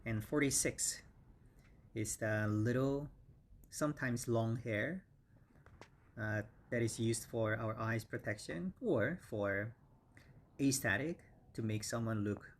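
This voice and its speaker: A man teaching English vocabulary, speaking slowly and patiently and repeating each word several times; his first language is Korean. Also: medium pitch, slight background noise. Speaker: English instructor. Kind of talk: slow vocabulary lesson with repeated words.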